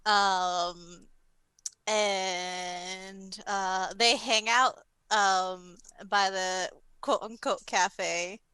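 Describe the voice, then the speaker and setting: A woman playing a tabletop game who giggles a lot and thinks out loud as she talks. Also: medium pitch, fairly even intonation, very slow, clear, resonant tone, dry recording, rough recording. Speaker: player. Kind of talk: casual tabletop game chat.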